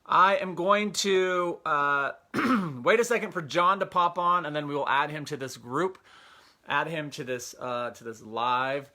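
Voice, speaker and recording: A man's voice: a little high, a little slow, sharp tone. A young man hosting a casual livestream through a Bluetooth earpiece, upbeat and chatty, greeting viewers by name with plenty of fillers. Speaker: livestream host.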